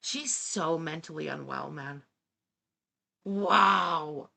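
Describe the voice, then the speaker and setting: A woman's voice: on the high side, lively intonation, moderate pace, sharp tone. A woman hosting reaction commentary, talking in an incredulous, sarcastic way and swearing freely. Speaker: commentary host.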